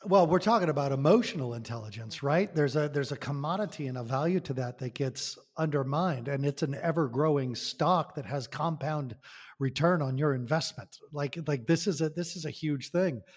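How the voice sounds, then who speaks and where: Man, podcast guest, emphatic, rhetorical, husky voice, long reverb. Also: a little high, normal speed. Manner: passionate, emphatic, rhetorical questions. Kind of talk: conversational podcast talk.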